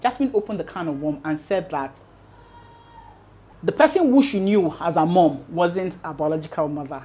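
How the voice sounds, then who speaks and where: A woman's voice: sits low, animated, normal speed, dark tone. A woman hosting a storytelling show, narrating a family drama in a casual, conversational way. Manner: conversational, acts out quotes. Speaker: storyteller host.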